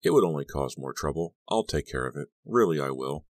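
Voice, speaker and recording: A bruised, defensive teenage boy from a storybook, read by a man with a very deep voice. He sounds tense and pleading. The sound is close and dry. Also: animated, a little fast, dry recording.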